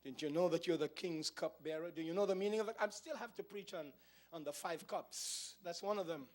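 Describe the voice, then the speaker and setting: A man preaching a sermon as pastor, dropping to a hush and then rising to shouts. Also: a little high, a little fast. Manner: swings from hushed to shouting.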